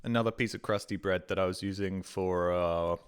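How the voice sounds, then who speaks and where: A man streaming a game, telling rambling everyday stories and acting out his own exasperated reactions in a sudden higher voice. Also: fairly even intonation, fairly quick, clear, resonant tone. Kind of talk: casual stream chat, storytelling.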